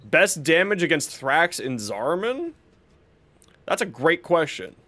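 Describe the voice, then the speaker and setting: A man's voice: a little high, big pitch swings, slow pace, bright, forceful tone. A man hosting a casual game livestream, greeting viewers by name and joking as he plays. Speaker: livestream gamer.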